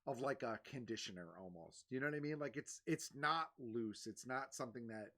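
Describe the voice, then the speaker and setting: A young woman runs a tabletop game, describing objects in careful detail. Her voice is bright and moves around a lot in pitch. She hesitates often with fillers. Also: expressive, brisk. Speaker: game master.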